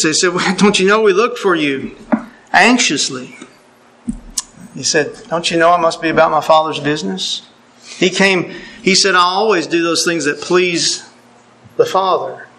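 A middle-aged man preaching a sermon, earnest and deliberate, quoting scripture with emphasis. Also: on the high side, fairly bright tone, low-quality recording.

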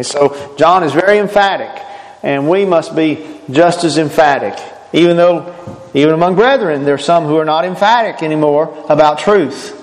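A man's voice: a little high, in a large hall, slight background noise, poor audio. A man preaching a sermon, earnest and emphatic, often restarting his phrases.

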